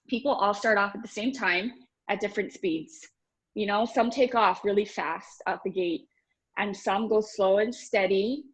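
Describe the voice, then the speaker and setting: A woman's voice: medium pitch, muffled recording. A nervous woman sharing earnest motivational advice on a group call, repeating key phrases for emphasis. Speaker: new Pro 6 team member sharing on a call.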